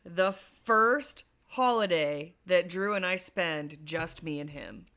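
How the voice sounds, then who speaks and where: A woman's voice: lowish voice, slow. A young woman co-hosting a casual podcast, laughing often and swearing freely as she chats with her boyfriend. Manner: giggly, animated, swears freely. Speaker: podcast co-host. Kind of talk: casual chat.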